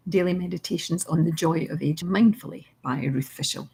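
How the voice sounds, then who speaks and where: A woman hosting a daily mindfulness reading, who guides the listener through breathing in a soft, unhurried way and then reflects casually. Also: sits low, fairly even intonation, gravelly, husky, rough recording. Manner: soft, unhurried, gently guiding.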